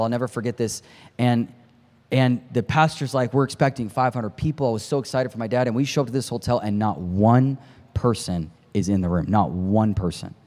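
A man preaching a sermon with passion, swinging from quiet storytelling to near-shouting and chatting with the congregation between points. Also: medium pitch, in a large hall. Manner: impassioned, climbs to near shouting at peaks; conversational asides to the congregation. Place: large hall with long reverb.

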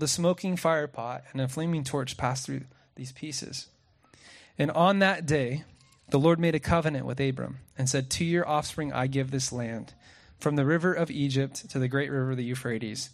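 A man preaching a sermon outdoors at sunset, lively and joking, often asking the crowd questions and reading scripture aloud. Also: a little high.

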